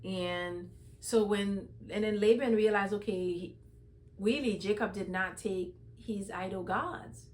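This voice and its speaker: A woman's voice: medium pitch, measured pace, darkish tone. A woman hosting a casual Bible reading commentary, retelling the story conversationally with lots of "you know". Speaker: host.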